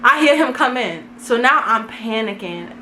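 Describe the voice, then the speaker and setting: Lively high-voiced young woman telling a story. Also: normal speed, slight background noise. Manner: animated, dramatic retelling with slang. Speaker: vlogger. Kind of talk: casual storytime.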